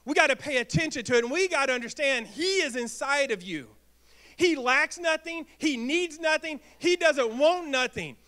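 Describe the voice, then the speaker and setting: A man preaching a sermon in a church, energetic, asking the congregation questions and acting out little quips. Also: extremely high pitch, moderate pace. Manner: energetic, asks the crowd questions and acts out quips. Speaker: pastor. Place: church sanctuary.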